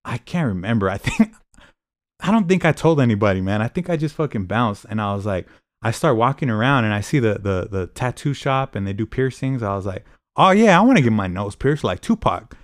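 A man's voice: on the low side, lively intonation, a little fast, no room sound, studio quality. Laid-back, profane young man storyteller. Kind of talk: casual storytelling chat.

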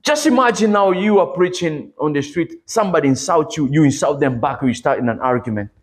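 A man with a Congolese accent preaching a sermon, telling stories with lively energy and acting out prayers. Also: on the high side, brisk. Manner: animated storytelling, acting out prayers and street scenes.

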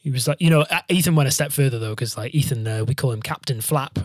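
A man's voice: medium pitch, quick pace, dry recording, clean studio sound. A man telling long, jokey travel stories in casual chat, swearing freely and rambling.

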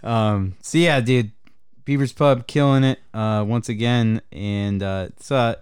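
A man hosting a podcast, telling a story in a casual, animated way, swearing often and laughing. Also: medium pitch, unhurried, clear, resonant tone, no echo, clean studio sound. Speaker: podcast host.

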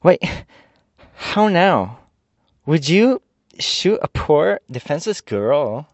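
A man's voice: huge pitch swings, moderate pace, darkish tone, dry recording. A man putting on a fierce rebel girl general. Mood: cheerful. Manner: determined, commanding, falsetto-ish. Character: fierce young woman general leading a revolt. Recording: dull dry recording.

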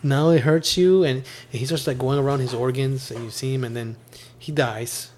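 A man hosting a podcast, retelling a show in a loose, animated way with lots of laughter. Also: mid-range voice, moderate pace, slight background noise. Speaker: podcast host. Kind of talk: casual chat.

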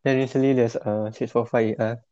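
A man's voice: medium pitch, steady tone, a little fast, dark tone, no room sound, dull audio. A young man from Singapore with a Singaporean English accent, co-hosting a casual late-night podcast chat in a laid-back, chatty way. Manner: laid-back, chatty, drops into mock voices. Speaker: podcast co-host.

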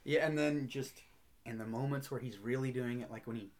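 A man's voice: mid-range voice, brisk. Man telling film history anecdotes. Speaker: podcast co-host. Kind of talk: casual film discussion, storytelling.

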